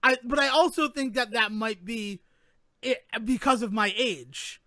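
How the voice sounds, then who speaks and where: A man co-hosting a podcast, chatting casually in an animated, joking, self-mocking way. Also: extremely high pitch, measured pace, no echo. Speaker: podcast co-host. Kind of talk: casual chat.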